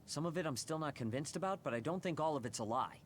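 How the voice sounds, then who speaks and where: A man's voice: a little high, lively intonation, fast, slight background noise, close to an everyday voice. An actor voicing a blunt, hot-headed young man who confronts his leader in a video game. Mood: confrontational. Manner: brash, confrontational.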